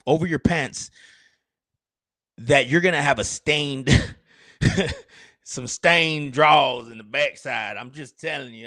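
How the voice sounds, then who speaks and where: A man's voice: on the high side, fairly bright tone, no room sound. A man, a streamer and rapper, chatting casually in a rambling, crude, joking way. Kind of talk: casual livestream chat.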